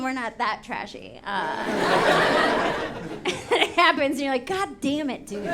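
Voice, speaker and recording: A young woman performing a stand-up comedy set, brash and swearing, slipping into acted voices, recorded live at a show. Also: fairly high pitch. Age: young adult. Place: comedy show before a laughing audience. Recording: live show with audience noise.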